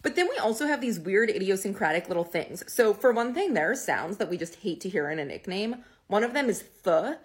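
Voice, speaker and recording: A woman casually explaining a language topic to camera, chatty and filler-heavy, with lively upswings in pitch. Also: fairly quick.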